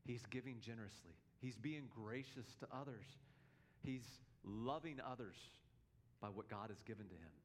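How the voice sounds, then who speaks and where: A man's voice: medium pitch, moderate pace. A male pastor preaching a sermon in an earnest, emphatic way, often repeating his words.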